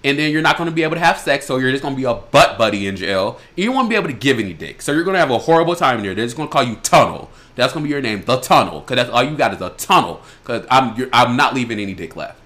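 A man from Chicago co-hosting a podcast, talking in a loud, animated and crude way with quick bursts of laughter. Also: mid-range voice. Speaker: podcast co-host. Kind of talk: casual chat.

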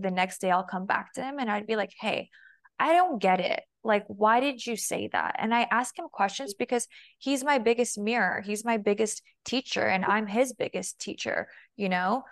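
A woman's voice: mid-range voice, moderate pace, a bit bright. A young woman talking casually as a podcast guest, chatty and full of "like", acting out her own and her partner's lines. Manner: chatty, heavy use of "like", quotes herself and her partner. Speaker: guest, femininity and body language coach.

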